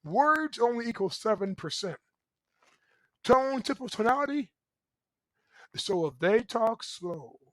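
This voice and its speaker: A middle-aged man giving a motivational relationship talk as host, loud and emphatic, often checking in with "right?". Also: extremely high pitch, lively intonation, takes it slowly, pauses often, dry recording, low-quality recording. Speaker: relationship coach and show host.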